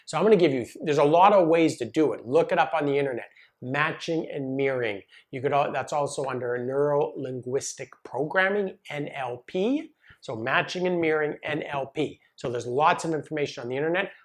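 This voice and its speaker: A man teaching massage therapists in a casual, animated way, talking straight to the viewer. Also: a little high, fairly quick. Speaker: massage business coach. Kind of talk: direct-to-camera teaching video.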